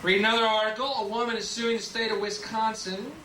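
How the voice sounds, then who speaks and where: A man's voice: sits high, little pitch movement, fast talker. A young man doing a sardonic stand-up routine on a club stage, sometimes slipping into mocking voices. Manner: sardonic, shifts into mocking mimicry. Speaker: stand-up comedian. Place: comedy club stage before a laughing audience. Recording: roomy, distant club tape with loud hiss.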